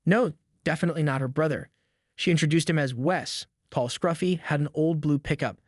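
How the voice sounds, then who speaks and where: A man's voice: on the high side, brisk, no echo, studio quality, lightly acted. A man reading a hesitant woman neighbor. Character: hesitant female neighbor breaking bad news.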